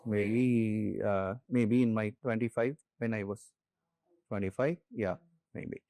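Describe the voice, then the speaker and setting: A man's voice: fairly low pitch, slow pace, dark tone, no echo. A middle-aged Indian man, a dance composer and guru, speaking earnestly in Indian English and telling his stories with frequent restarts. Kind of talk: conversational interview.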